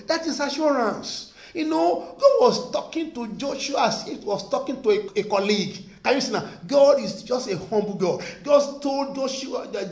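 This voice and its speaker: A pastor delivers a sermon in a strikingly high, animated voice that rises and falls widely. He is emphatic, hammering phrases again and again and throwing questions at the congregation. The sound carries a roomy echo. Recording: echoey room.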